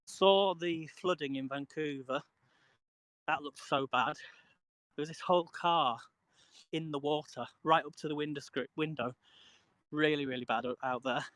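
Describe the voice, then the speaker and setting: A man's voice: on the high side, fairly even intonation, normal speed, long pauses, fairly bright tone, dry recording, rough recording. A man with a British accent, chatting casually with live viewers while out walking outdoors, talking into a handheld phone. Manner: rambling, chatty, reads out viewer comments. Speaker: live streamer. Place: outdoors on a cold walk.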